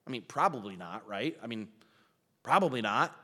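A man preaching a sermon as a pastor, animated and full of rhetorical questions, with wry self-deprecating asides. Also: mid-range voice, moderate pace, slightly rough. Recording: long reverb of a large hall.

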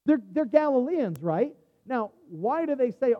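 A man's voice: extremely high pitch, big pitch swings, unhurried. A man preaching a sermon as a pastor, in a conversational way with frequent restarts and asides. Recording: dull sound with long hall reverb.

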